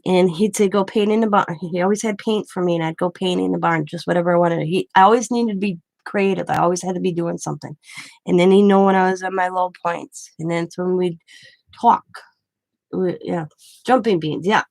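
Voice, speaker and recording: A woman's voice: lowish voice, fairly quick, gravelly, darkish tone, dry recording. A middle-aged woman hosting a craft channel, chatting casually and rambling through stories while she works. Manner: rambling, storytelling with restarts.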